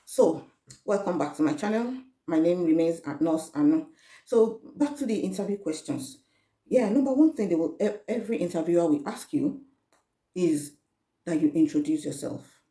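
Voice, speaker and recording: A woman, her voice mellow and a little low for a woman, talks earnestly through interview tips in a casual vlog. She often repeats words and restarts her phrases. The sound has a noticeable room echo. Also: expressive, moderate pace. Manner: earnest, repetitive, with frequent restarts and fillers. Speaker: relocation coach.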